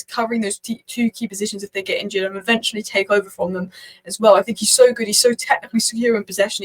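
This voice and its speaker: A woman hosting her own football channel, giving rapid, opinionated commentary and thinking aloud as she talks. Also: a little high, low-quality recording. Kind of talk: casual talking-head commentary.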